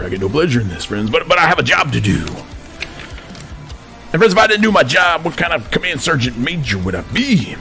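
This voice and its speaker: A man with a drawl preaches a heated rant into his camera from an office. His voice is bright and edgy with a gravelly fry. The pitch leaps and dives as he stammers through restarts. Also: big pitch swings, fairly quick, soft background music. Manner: preachy, repeatedly addresses "friends", stammers when worked up. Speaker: vlogger in the persona of a command sergeant major.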